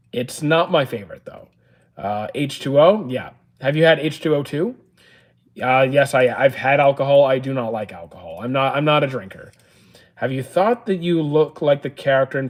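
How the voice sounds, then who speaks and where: A man streaming live, reading viewers' questions aloud and answering them plainly, with frequent "uh"s. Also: medium pitch. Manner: reads chat questions aloud, answers matter-of-factly with many "uh"s.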